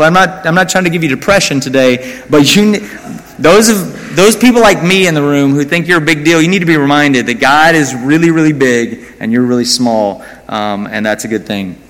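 This is a man's voice, fairly high and fairly bright, belonging to an American pastor preaching in a church hall. His sermon is chatty and self-deprecating, sprinkled with remarks aimed at the congregation, and a long reverb fills the hall.

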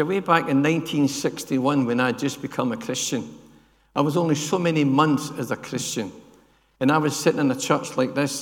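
A man's voice: medium pitch, big-room sound. An older man preaching a sermon in a church, often asking the congregation questions and tagging lines with "yeah?". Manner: asks the congregation questions, adds "yeah?" tags.

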